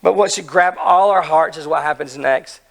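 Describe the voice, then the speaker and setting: A hoarse man delivers an earnest sermon, his voice gravelly and pitched a little high. He preaches with emphasis and keeps asking his listeners questions. The delivery is that of a pastor. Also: moderate pace.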